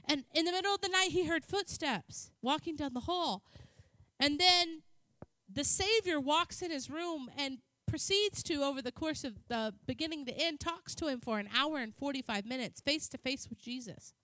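High bright-voiced woman preaching. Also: expressive, moderate pace, no room sound. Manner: chatty, joking with the congregation. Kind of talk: sermon. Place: church.

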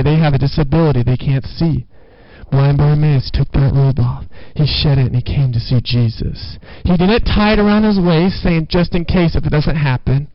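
A man's voice: fairly high pitch, no room sound, highs cut off. A man preaching a sermon at a church service, fervent and exhorting the congregation with call-and-response.

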